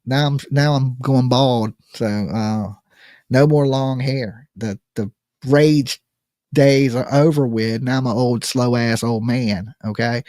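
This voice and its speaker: A man with a mid-range, darkish voice hosts a live call-in stream, speaking unhurriedly in a casual, rambling way. He swears freely, jokes at his own expense, and keeps saying "okay." The studio-quality recording has no echo.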